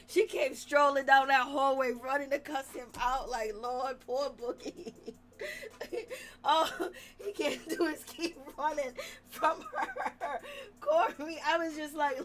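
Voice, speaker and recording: Female live-stream host, high voice, animated gossip recap full of laughter. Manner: animated, laughs often, exclaims "Lord". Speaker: reality TV commentary host.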